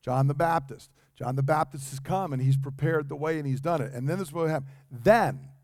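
A man's voice: fairly high pitch, fairly quick, a little mellow, dry recording. A man preaching an earnest Bible-teaching sermon, asking rhetorical questions as he explains the text. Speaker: pastor.

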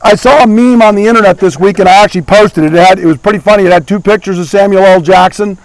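A man's voice: sits high, quick pace, dry recording, rough recording. A middle-aged man preaching a sermon as pastor, earnestly asking his congregation questions as he teaches.

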